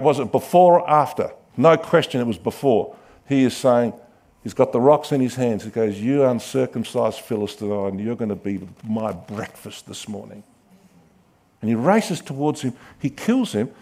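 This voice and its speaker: A male pastor preaching a sermon, dramatic, swinging from loud calls to hushed asides and acting out quoted voices. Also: medium pitch, lively intonation, normal speed.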